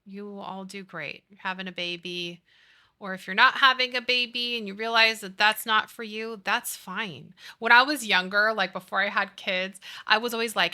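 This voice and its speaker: A woman's voice: medium pitch, moderate pace, pushed and bright. A woman in her thirties chatting casually with her live-stream chat, gushing and reading out viewers' messages.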